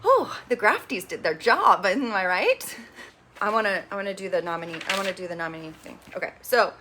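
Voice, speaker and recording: A woman chatting casually through a reality TV recap, retelling the drama and quoting the cast in quick asides. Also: mid-range voice, lively intonation, sharp tone, slight background noise.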